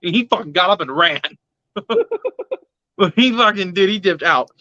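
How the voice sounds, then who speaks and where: A man's voice: high-pitched, normal speed, dry recording. A young man casually telling a story, swearing a lot, laughing and acting out the voices of the people in it. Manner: profane, laughing, animated retelling with quoted voices. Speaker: pet vlogger. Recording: dull lo-fi sound.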